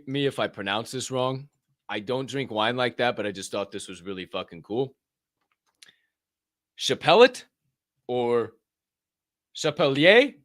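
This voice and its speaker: A young American man runs through crypto news in a loose, swearing, joking way. His pitch swings widely as he gets worked up. The sound is close and dry, with no room behind him. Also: no echo. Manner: animated, profane, jokey, bursts of shouting. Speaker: podcast host. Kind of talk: casual crypto news chat.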